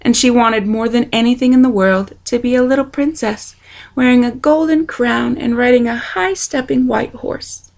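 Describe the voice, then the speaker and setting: Expressive woman reading a storybook aloud. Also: on the high side, normal speed, vocal fry. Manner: expressive, addresses the listener. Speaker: storytime reader. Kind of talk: reading a children's novel aloud.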